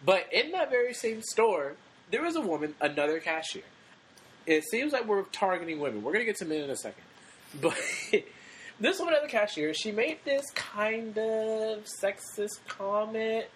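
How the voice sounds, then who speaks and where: A man's voice: sits high, very animated, normal speed, slight background noise, poor audio. A young man in his late teens co-hosting a podcast, telling a rambling story and acting out the quotes. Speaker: podcast co-host. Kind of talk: casual chat.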